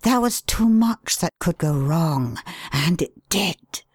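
A pale, scheming nobleman, cool and clipped with quiet menace, as a woman reads him. The voice sits low and moves slowly. The sound is dry and close. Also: animated, slightly rough, no echo, exaggerated voice. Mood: cold.

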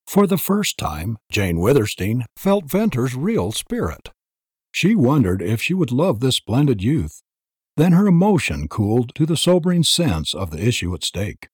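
A man reading an audiobook in a dramatic, expressive narration style. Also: medium pitch, a little slow, breathy edge, no room sound, clean studio sound.

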